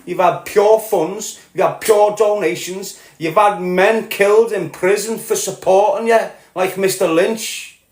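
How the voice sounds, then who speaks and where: A man's voice: sits high, unhurried, roomy sound. Angry sweary Liverpool man ranting. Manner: heated, sweary, rising to shouting. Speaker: podcast host. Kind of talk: angry monologue rant.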